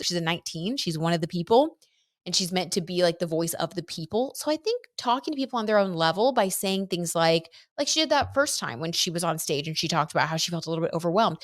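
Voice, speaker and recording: A woman's voice: mid-range voice, dry recording, studio quality. A woman hosting a casual astrology talk, chatty and effusive, with lots of "like" as she goes. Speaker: astrology and tarot host.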